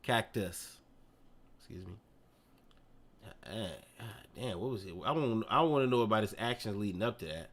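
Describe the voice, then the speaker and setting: Animated, slangy male streamer. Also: lowish voice, normal speed, long pauses, slight background noise. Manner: animated, slangy, laughs often. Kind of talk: casual live-stream reaction chat.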